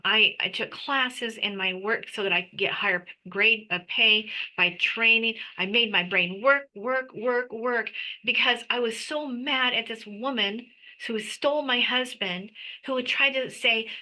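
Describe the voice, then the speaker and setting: A woman's voice: on the high side, bright, forceful tone, low-quality recording. A middle-aged woman giving an emotional personal testimony as an interview guest, talking intensely with frequent restarts and stammers.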